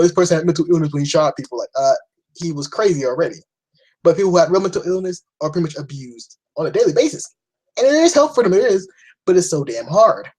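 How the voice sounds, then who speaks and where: A man's voice: on the high side, darkish tone, low-quality recording. A young man giving a rambling, blunt opinion rant to camera, swearing often and restarting his sentences. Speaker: vlogger.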